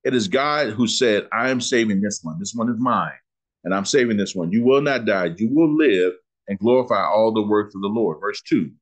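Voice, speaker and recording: A man, teaching a Bible lesson in sermon style, asking questions and slowing down to read scripture. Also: fairly low pitch. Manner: preacherly, asks questions and answers them, slows down on scripture.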